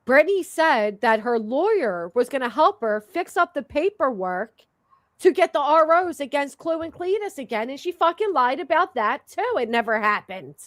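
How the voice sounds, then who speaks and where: A woman's voice: sits high, very animated, normal speed, no echo, clean studio sound. A woman hosting a stream, chatting casually in a mocking tone and laughing often. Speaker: stream host. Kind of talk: casual commentary chat.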